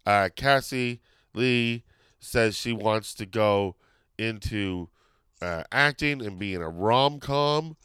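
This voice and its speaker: A man hosting a podcast in casual chat, rambling and excitable, often losing his train of thought. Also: on the low side, slow pace, clear, resonant tone, no room sound. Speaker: podcast host.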